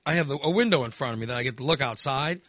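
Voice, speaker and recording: A man's voice: mid-range voice, rapid-fire, a bit bright, no room sound, clean studio sound. A man hosting a podcast, telling stories in casual chat with laughs and voiced asides. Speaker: podcast host.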